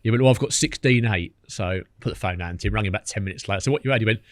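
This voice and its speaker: A man's voice: lowish voice, very fast, no room sound, studio quality. A man, a podcast guest telling cheeky anecdotes and mimicking the people in them. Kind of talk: casual storytelling.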